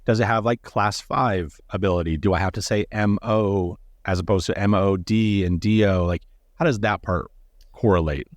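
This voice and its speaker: Podcast host guy, lowish voice, chatty and eager, dry close mic. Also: normal speed, no echo. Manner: enthusiastic, chatty questioner. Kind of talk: casual podcast interview.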